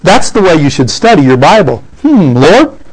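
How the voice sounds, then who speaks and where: Preacher guy in church, kinda high voice, keeps asking the crowd amen?. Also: a little fast, breathy edge, rough recording. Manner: lively preaching, calls out "amen?" to the congregation, reads scripture aloud. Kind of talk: sermon.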